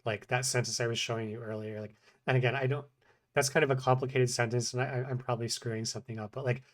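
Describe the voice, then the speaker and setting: A man talking through his own language practice in a casual, self-critical video diary. He mumbles, swings between fast talk and slow, paused phrases, and haltingly repeats short practice phrases. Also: mid-range voice, steady tone. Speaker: language learner vlogger.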